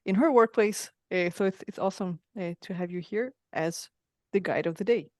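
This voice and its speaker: A woman's voice: medium pitch, normal speed, darkish tone, no room sound, clean studio sound. A woman co-hosting a podcast, chatty and enthusiastic as she talks with her guest. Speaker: podcast co-host. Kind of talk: casual chat.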